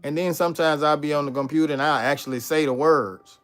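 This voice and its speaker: A man's voice: fairly high pitch, steady tone, fast, fairly bright tone, faint music behind. A man hosting a casual livestream, chatting loosely with viewers and reading out their comments. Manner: laid-back, chatty, reads out chat and answers viewers. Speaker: livestream host.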